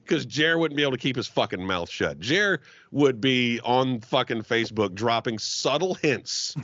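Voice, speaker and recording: This podcast guest, of Arab heritage, is an animated, profane storyteller who performs the quotes in his long story while chatting casually. His mid-range voice moves at a moderate pace, and the recording is dull, dry and lo-fi.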